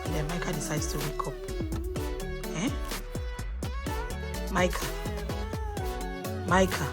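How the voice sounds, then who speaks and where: A woman's voice: lowish voice, slow pace, pauses often. A woman with a Nigerian English accent playfully scolding her baby at home, mock-stern and repeating herself. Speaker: vlogger, mother. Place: bedroom at home. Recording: background music under voice.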